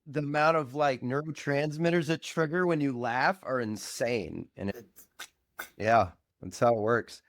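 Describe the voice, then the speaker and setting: A man's voice: medium pitch, measured pace, slight background noise. A man hosting a podcast interview, playful and joking in casual chat. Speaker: podcast host.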